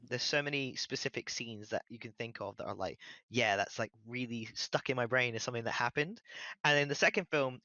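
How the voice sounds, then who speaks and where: A man's voice: medium pitch, pushed and bright, dry recording, highs cut off. A man co-hosting a podcast, chatting loosely about films and joking around with casual swearing. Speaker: podcast co-host. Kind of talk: casual film discussion.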